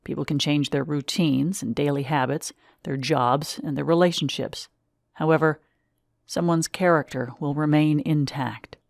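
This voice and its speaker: A woman reads a first-person memoir aloud in a measured, expressive way. Her voice sits low, and it is recorded close and dry with no room sound. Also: creaky, dry recording. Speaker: audiobook narrator. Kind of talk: memoir audiobook narration.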